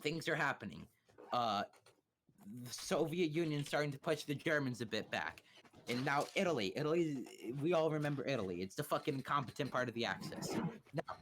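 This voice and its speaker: A man's voice: a little high, a bit bright, a little hiss or hum. A young man casually explaining history on a livestream, swearing and cracking crude jokes. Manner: crude, joking, profane.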